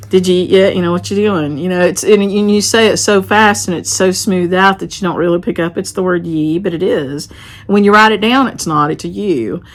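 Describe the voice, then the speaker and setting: Middle-aged southern appalachian lady rambling on about her stitching, lowish voice, lots of ums. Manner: rambling, chatty, with laughs and "um"s. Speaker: shop owner and stitching vlogger. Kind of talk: casual chat to camera.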